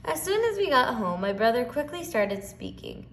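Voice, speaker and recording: A female reader reading a children's picture book aloud with expressive, varied delivery. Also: fairly high pitch, normal speed, slight background noise.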